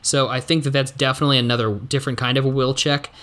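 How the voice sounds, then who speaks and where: A man running a solo tabletop game, talking through the rules and the story as he goes. His voice sits at a middle pitch, and his delivery is loose and rambling, full of restarts and corrections. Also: little pitch movement, fast, fairly bright tone. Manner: thinking aloud, rambling and self-correcting. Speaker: game master.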